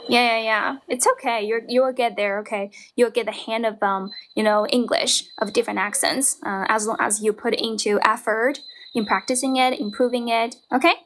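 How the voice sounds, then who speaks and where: Woman with a Chinese accent, encouraging live-stream coach who keeps checking in with tag questions; slightly higher voice. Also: fairly even intonation, moderate pace, fairly bright tone. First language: Mandarin Chinese. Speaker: livestream English coach. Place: home room, grandmother's house.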